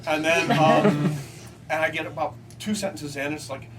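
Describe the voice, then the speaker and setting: A middle-aged man, an author at a book signing, reading comic pieces and telling stories to an audience with a wry, deadpan delivery. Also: fairly high pitch, normal speed. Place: bookstore event room with a live audience. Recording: distant amateur recording, loud crowd laughter and noise.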